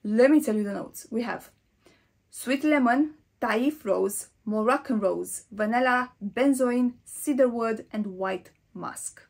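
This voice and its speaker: Young woman, gravelly fry, husky tone, chatty perfume talk, slips into whispers. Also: fairly high pitch, slow. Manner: chatty, rambling, drops into breathy whispers. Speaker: perfume vlogger. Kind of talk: casual perfume review.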